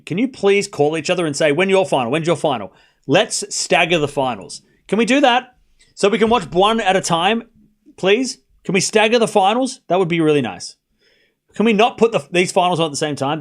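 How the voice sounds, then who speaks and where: Young male streamer, high voice, quick excitable tennis call to chat, drops to a mutter then shouts. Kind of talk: live play-by-play commentary to chat.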